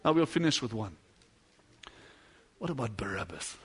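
A man preaching a sermon, telling a story with dramatic swings between loud declamation and hushed low passages, acting out the lines of the people in it. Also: sing-song, moderate pace. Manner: acts out quoted dialogue within the story.

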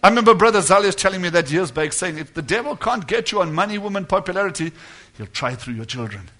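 A man preaching to his congregation in a high, bright voice. He drives his points home with loud declarations, then drops into quiet asides. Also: expressive, quick pace. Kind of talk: sermon.

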